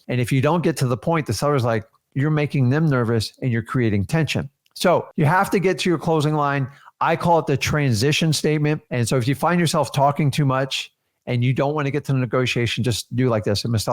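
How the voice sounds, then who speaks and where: Male coach, 40s, live training talk, energetic and emphatic, mid-range voice. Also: mid-range voice. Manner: energetic, emphatic, acts out seller dialogues. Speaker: real estate wholesaling coach.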